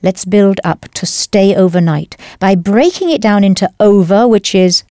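A woman teaching a language lesson in scripted narration, explaining patiently and clearly step by step. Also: mid-range voice, normal speed, dark tone, no echo, studio quality.

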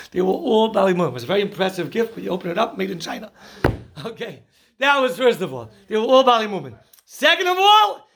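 This Torah teacher speaks high-pitched, husky and with vocal fry, sprinkling his English with Hebrew and Yiddish words. Animated, he spins jokes and stories and laughs at his own punchlines.

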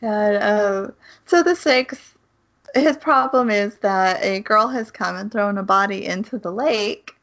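Woman podcast co-host, mid pitch, chatty, story-retelling recap. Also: slow, fairly bright tone. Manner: chatty storyteller, laughs often, retells scenes with quoted voices. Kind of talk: casual chat recapping a show.

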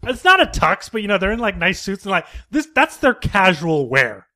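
A man with a high, bright voice tells a film's plot on a casual podcast recorded at home. His pitch leaps around as he rambles and swears his way through the story. He talks with loose, animated energy. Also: normal speed. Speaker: podcast host. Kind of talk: casual podcast chat, retelling a film.

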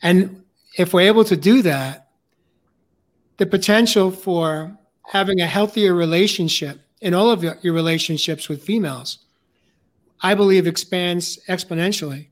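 An older man, a life coach, talking earnestly in casual conversation, halting with fillers. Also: sits high.

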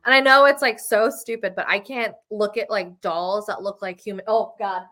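A woman guesting on a podcast, chatting in an animated, giggly way with lots of "like". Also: medium pitch, normal speed. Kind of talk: casual chat.

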